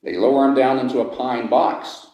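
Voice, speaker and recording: A man's voice: mid-range voice, moderate pace, a little mellow. A man telling a ghost story to visitors inside an old jail, pacing it dramatically and lingering on grisly details. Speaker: ghost story teller and guide. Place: old jail building, indoors. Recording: echoey room.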